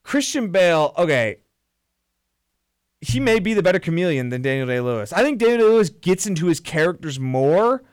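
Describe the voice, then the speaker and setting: A man co-hosting a casual film podcast, rambling with lots of restarts and addressing listeners as ladies and gentlemen. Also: sits high, very animated, brisk, clear, resonant tone, no echo, studio quality. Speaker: podcast co-host.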